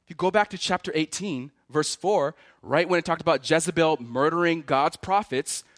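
A man's voice: fairly high pitch, moderate pace, no echo, clean studio sound. A man preaching a sermon, voicing the words of biblical figures with feeling. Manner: animated preaching, voices Elijah's and God's words with feeling. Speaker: pastor.

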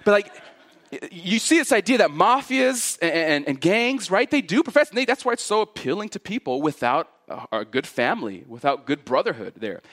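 A man preaching a sermon in a fairly high voice that swings widely in pitch. He stacks repeated phrases into building runs, then sinks low and hushed on his warnings. The delivery is earnest throughout. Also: big pitch swings, moderate pace. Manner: drops low and quiet on key warnings. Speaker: pastor. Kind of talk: expository sermon.

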